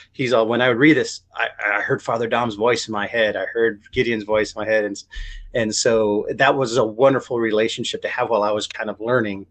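A man's voice: mid-range voice, fairly bright tone. A male writer being interviewed, talking in a rambling way full of restarts and self-corrections, and acting out other people's words in quoted voices. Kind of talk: casual interview chat.

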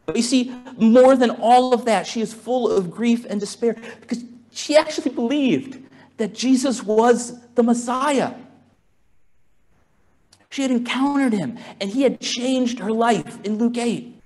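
A man preaching a sermon as pastor, musing aloud with restarts and rhetorical questions, moving from quiet and low to raised and fervent. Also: expressive, a little slow. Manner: swings from soft and low to raised and intense.

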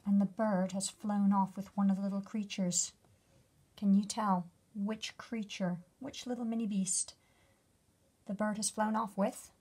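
A woman reading a picture book aloud to children as their teacher, gently asking them questions about the pictures. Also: mid-range voice, steady tone, a little slow, husky. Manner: gentle, asks the listener questions.

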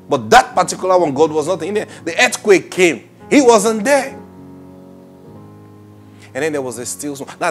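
A man preaching a Bible study sermon, animated, acting out quoted voices and laughing often. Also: on the high side.

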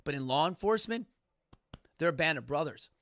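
A man's voice: a little high, animated, brisk, fairly bright tone, no room sound, clean studio sound. A man hosting a talk show, ranting in an impassioned, profane way with many restarts. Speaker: podcast host.

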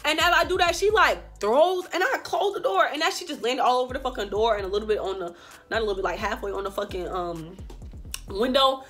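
A young woman telling a story straight to her viewers, animated and full of profanity. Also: fairly high pitch, fairly quick, faint music behind. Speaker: vlogger. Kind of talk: storytime vlog.

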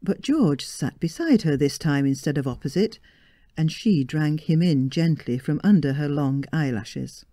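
Female story reader: low, dark voice with a lively, varied pitch, very dry close sound. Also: no room sound. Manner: slow, expressive reading. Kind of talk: reading a story aloud.

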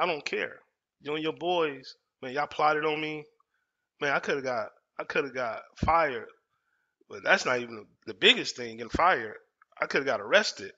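Bright-voiced man telling a story. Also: mid-range voice. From Dallas, Texas. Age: 40s. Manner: emphatic, repeats and restates phrases. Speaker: storytelling host. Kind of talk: casual personal storytelling. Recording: dull lo-fi audio.

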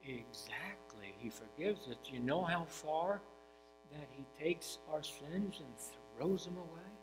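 A man's voice: fairly high pitch, animated, measured pace, noisy background. An older man leading a children's sermon in church, playfully coaxing the kids and chatting with a puppet. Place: church sanctuary.

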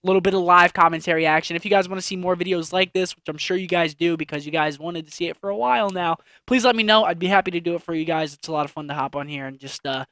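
A high, bright-voiced man talking through a shooter match as a gaming host. His delivery is excitable and full of slang, jumping into loud, cursing outbursts. The sound is dry and close. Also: fast, hardly any pauses, dry recording. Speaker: gaming YouTuber. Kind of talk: live gameplay commentary.

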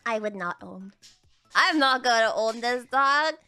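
A woman's voice: a little high, lively intonation, measured pace, sharp tone, clean tone, soft background music. A young woman co-hosting a casual comedic stream, giggling often and teasing playfully. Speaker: streamer co-host.

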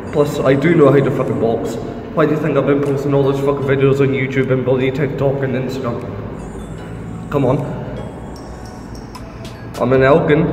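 Ranting man, distant windy outdoor recording. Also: medium pitch. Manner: ranting, heavily profane, insulting. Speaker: amateur diss-track rapper. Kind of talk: angry spoken diss track. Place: outdoors in the wind. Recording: distant, echoey outdoor recording with wind noise.

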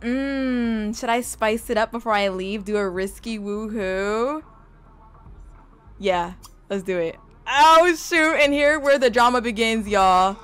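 A young woman giving casual, slangy gameplay commentary, talking straight to her game character and breaking into excited exclamations. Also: fairly high pitch, measured pace, clean tone, soft background music. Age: young adult. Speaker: gaming video host.

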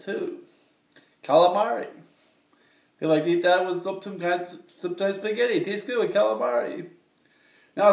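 A man's voice: a little high, creaky. A man from the American Midwest with a Midwestern accent, rambling chattily to viewers in a casual vlog monologue. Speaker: vlogger. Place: indoor room with lights. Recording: roomy echo, from far off, faint ambience.

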